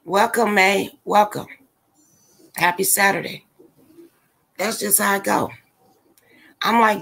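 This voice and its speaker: A woman's voice: mid-range voice, fairly even intonation, unhurried, vocal fry, long pauses, a bit bright. A woman hosting a casual livestream, ranting bluntly and with exasperation straight to her viewers. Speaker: livestream commentator.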